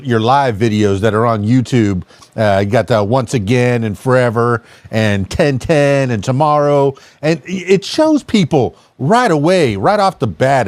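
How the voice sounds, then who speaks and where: A man's voice: mid-range voice, darkish tone, no echo. A man hosting a podcast, chatting casually and rambling with many restarts. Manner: rambling, halting, full of restarts. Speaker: podcast host. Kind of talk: casual chat.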